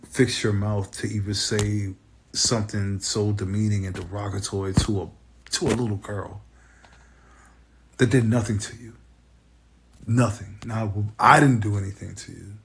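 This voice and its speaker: A man hosting a podcast, talking in a halting, emotional, rambling way. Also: fairly low pitch. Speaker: podcast host. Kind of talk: casual monologue.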